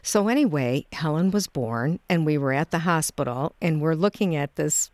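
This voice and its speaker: Low-voiced woman hosting a talk show. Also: lively intonation, normal speed, a little mellow, no room sound. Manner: friendly, asks short questions, laughs along. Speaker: radio talk show host. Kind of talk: casual interview chat.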